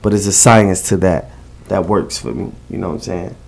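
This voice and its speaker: Deep gravelly man with Jersey accent. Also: normal speed. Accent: New Jersey. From Newark, New Jersey. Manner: street slang, emphatic, repeats phrases. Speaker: event host and guest. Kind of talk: casual podcast interview.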